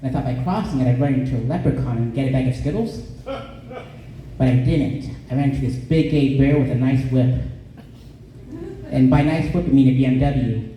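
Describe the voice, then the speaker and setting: A male stand-up comedian from Colorado, delivering a deadpan comedy set in a small club. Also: medium pitch, a little hiss or hum. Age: 20s or older. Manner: deadpan, sings a parody song at a slow drawn-out pace. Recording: echoey room, voice caught from a distance.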